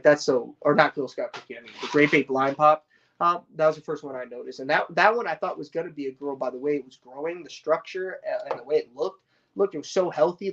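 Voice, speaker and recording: A man's voice: fairly high pitch, muffled recording. A man chatting casually on a live stream, rambling and swearing, full of slang and restarts. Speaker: cannabis grower streaming to viewers. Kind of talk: casual livestream chat.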